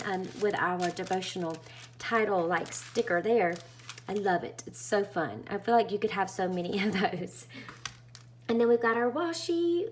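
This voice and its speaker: A woman's voice: mid-range voice, slight background noise. A woman chatting casually as she unboxes a craft kit, gushing and full of fillers. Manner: bubbly and gushing, with many fillers. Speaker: craft vlogger.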